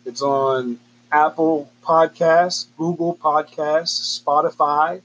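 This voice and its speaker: A man with a husky, slightly higher voice talks loosely and informally as a podcast host. He rambles through announcements and goodbyes, joking about himself and filling pauses. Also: level tone, fairly bright tone, highs cut off. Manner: rambling, self-deprecating, with frequent fillers. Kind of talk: casual solo podcast sign-off.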